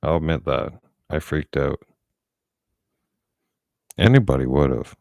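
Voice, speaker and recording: Very deep-voiced blunt middle-aged man. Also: expressive, slow, gravelly, darkish tone, dry recording, studio quality. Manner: blunt and profane. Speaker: vlogger. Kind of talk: casual monologue.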